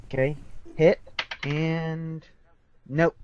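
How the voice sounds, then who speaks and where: A man's voice: fairly high pitch, level tone, very slow, dull audio, background noise. A man playing a tabletop game over a voice call who makes dry, teasing remarks. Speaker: player.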